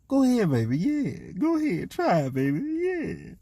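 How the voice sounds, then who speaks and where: A man voicing a sly, smooth-talking male serpent tempter in a comedic retelling, speaking low and coaxing. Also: huge pitch swings, moderate pace, no echo, studio quality, full character voice. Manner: low, hushed, coaxing sweet-talk. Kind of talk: comedic storytelling.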